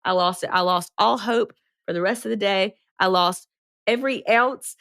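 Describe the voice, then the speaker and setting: A young woman co-hosting a podcast, telling a classroom story in a lively, dramatic way. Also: mid-range voice, normal speed, creaky, no echo, clean studio sound. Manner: animated, dramatic retelling with rising emphasis. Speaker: podcast co-host. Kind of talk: casual storytelling chat.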